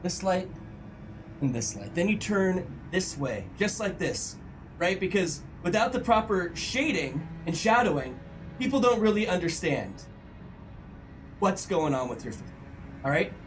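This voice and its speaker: A man's voice: sits high, sing-song, measured pace, faint music behind, poor audio. A male game streamer chatting casually and joking with his live chat. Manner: joking, playful banter with chat.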